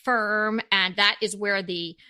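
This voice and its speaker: A woman co-hosting a casual talk show, talking fast and animated and acting out shop clerks. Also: mid-range voice, clear, resonant tone. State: caffeinated and energetic. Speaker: podcast co-host. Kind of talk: casual chat.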